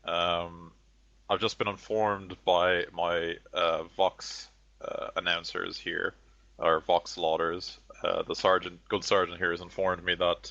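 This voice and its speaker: A man's voice: low voice, sharp tone, no echo. A man voicing a weary, stern middle-aged army colonel who speaks bluntly and curses under pressure, on a dull lo-fi recording.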